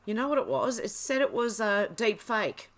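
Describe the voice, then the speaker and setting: A woman hosting a livestream, reading social media posts aloud and chatting about them in quick, casual asides. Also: on the high side, expressive, a bit bright. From Australia. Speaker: livestream host.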